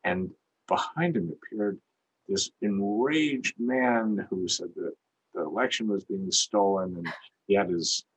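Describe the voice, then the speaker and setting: Podcast co-host, male, deep husky voice, earnest and reflective. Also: measured pace, poor audio. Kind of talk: casual conversation.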